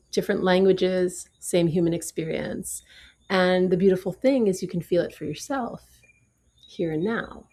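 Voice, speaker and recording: A woman teaching yoga and breathwork, guiding a breathing meditation in a slow, soft, calm voice with long pauses. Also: fairly low pitch.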